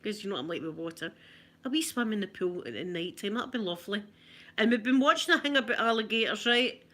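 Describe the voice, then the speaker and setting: A middle-aged Scottish woman tells rambling, giggly anecdotes in a casual ASMR chat. Her voice is bright and forward, with a lively, chatty delivery. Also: medium pitch, fast. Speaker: ASMR vlogger.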